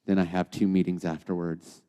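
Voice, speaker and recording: A man's voice: low voice, flat delivery, moderate pace, dark tone, smooth. Chatty male teacher in a reverberant space. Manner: chatty, keeps checking in with "okay?" and "right?". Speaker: podcast host and teacher. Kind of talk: conversational devotional teaching.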